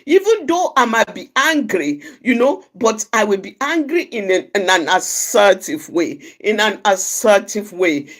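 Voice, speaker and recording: A woman giving an earnest, reflective talk for an outreach program, often repeating phrases for emphasis. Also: a little high. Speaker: outreach speaker. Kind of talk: personal reflective talk on anger.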